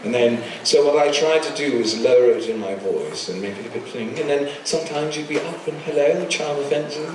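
A man speaking as a guest on a convention panel, effusive and animated, often restarting his sentences. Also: mid-range voice, normal speed. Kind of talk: casual panel talk. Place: large convention hall. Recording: echoey hall, far-off mic, crowd noise.

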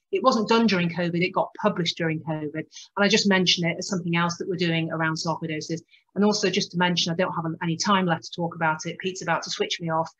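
A woman's voice: lowish voice, a bit bright, slightly rough, highs cut off. A woman doctor gives a conversational talk to patients, stopping and restarting phrases as she goes. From United Kingdom. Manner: conversational with many restarts and fillers. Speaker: respiratory doctor giving a conference talk. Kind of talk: presentation to patients.

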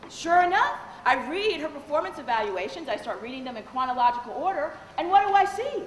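A woman, a lawyer and corporate trainer, giving a lively live training talk and questioning the audience. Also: high voice, fast, a little hiss or hum. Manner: animated, engages the audience with questions. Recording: echoey hall with long reverb.

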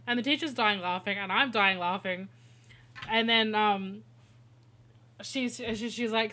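A woman's voice: mid-range voice, animated, unhurried, pushed and bright. A woman streaming a video game, chatting casually with viewers and telling stories with frequent laughter. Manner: chatty storyteller who laughs often. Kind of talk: casual gameplay chat.

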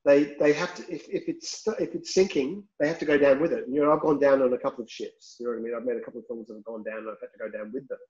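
A man's voice: medium pitch, steady tone, racing, few pauses, darkish tone. Male director, blunt and candid, casual swearing, echoey muffled room recording. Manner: frank and upfront, swears casually. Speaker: film director, guest. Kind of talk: candid interview talk. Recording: roomy, slightly dull recording.

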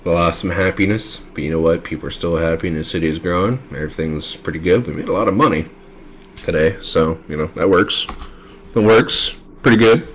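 A man's voice: low voice, a little fast, a little hiss or hum. A man giving laid-back, rambling commentary while playing a game. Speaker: gaming video creator.

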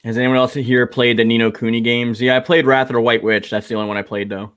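His medium-pitched voice is a bit bright and clean, with quick pacing and little pitch movement. As a streamer host, he chats casually and rambles, packing his speech with "like."

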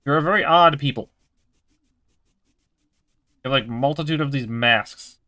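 Bright-voiced man narrating his gameplay. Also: mid-range voice, unhurried, dry recording, clean studio sound. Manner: chatty, swears casually, talks to himself. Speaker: gaming video creator. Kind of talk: let's-play commentary.

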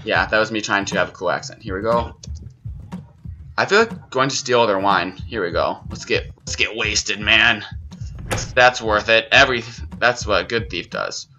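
Goofy young man with a very bright voice. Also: fairly low pitch, moderate pace, slight background noise. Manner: goofy, rambling, self-mocking jokes. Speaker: gaming channel host. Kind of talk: gameplay commentary. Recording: dull lo-fi mic.

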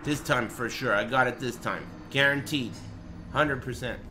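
A young man live-streaming a game, chatting to viewers and swearing as he mock-rants and bursts into yelling at them. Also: medium pitch, moderate pace, noisy background. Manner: profane, mock-ranting at chat, erupts into yelling. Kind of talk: live gaming stream commentary.

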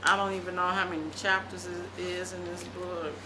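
A middle-aged woman vlogging, chatting casually and reading aloud from a book, with animated, loose storytelling. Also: fairly low pitch, normal speed, background noise.

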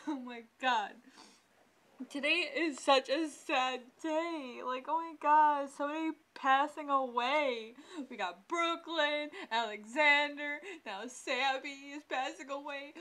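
A woman's voice: high voice, slow pace, pushed and bright. A young woman giving casual let's-play commentary, chatty and exclaiming often at what happens in the game. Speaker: gameplay commentator.

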